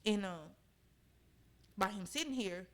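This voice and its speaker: A woman's voice: mid-range voice, animated, unhurried, a bit bright. Earnest young woman telling her story. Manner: earnest, often checks in with listeners. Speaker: podcast guest. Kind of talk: recounting a personal story in conversation.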